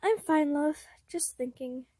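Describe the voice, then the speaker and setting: A woman's voice: high voice, slow, dark tone, no echo, studio quality, pitched above the performer's own voice. A woman voicing a dramatic, doting young prince with a theatrical, affectionate manner.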